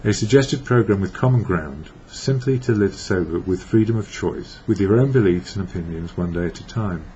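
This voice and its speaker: A man's voice: deep voice, moderate pace, hardly any pauses, warm tone. A man from England giving a reflective personal monologue about recovery, rambling and correcting himself as he goes. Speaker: recovery blogger. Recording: dull lo-fi with faint hiss.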